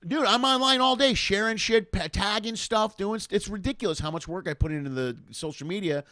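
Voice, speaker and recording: A man from Chicago rattles through a stand-up story at a quick clip, swearing freely and laughing along. His voice sits a bit high for a man, and the sound is close and dry, with no room around it. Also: no echo. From Chicago, USA. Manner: profane, animated, laughing as he tells stories. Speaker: comedian and show host. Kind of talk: casual conversational storytelling. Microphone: video call.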